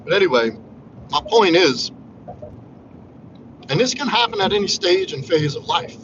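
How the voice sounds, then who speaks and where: This livestream host speaks at a normal speed in a high, animated voice, delivering a casual monologue full of blunt, profane preaching. The recording is muffled and lo-fi, and noise runs underneath.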